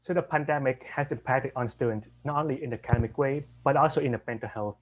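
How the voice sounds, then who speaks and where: A man's voice: medium pitch, fast talker, highs cut off. A man giving a practice presentation in an online workshop, speaking hesitantly with frequent fillers over a video call. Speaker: workshop participant.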